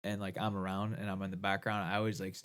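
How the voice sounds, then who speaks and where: A man's voice: sits low, little pitch movement, quick pace, fairly bright tone, smooth. A young adult man telling crude stories on a casual podcast, swearing a lot, laughing often and acting out other people's voices. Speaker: podcast co-host.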